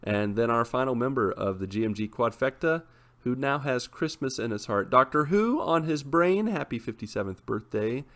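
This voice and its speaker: A man's voice: medium pitch, expressive, moderate pace, a bit bright. Playful man hosting a podcast. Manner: theatrical, playful intros. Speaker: podcast host. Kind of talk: casual podcast chat.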